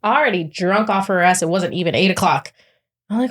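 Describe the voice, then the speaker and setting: A woman's voice: fairly low pitch, lively intonation, a little fast, fairly bright tone. Wry, joking woman podcast guest. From Dominican heritage. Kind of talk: casual chat.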